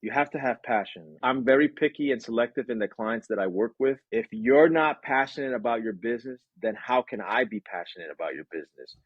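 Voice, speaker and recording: Husky, energetic man. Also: medium pitch, brisk, hardly any pauses, no room sound, highs cut off. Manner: energetic, uses sound effects and acted quotes. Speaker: branding agency owner. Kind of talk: interview answers.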